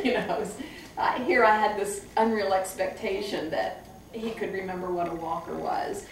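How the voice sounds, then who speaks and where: A middle-aged woman who trains staff at a memory care home, telling lively stories and acting out the voices of people she quotes. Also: medium pitch, moderate pace, a little hiss or hum. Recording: echoey room, far from the mic.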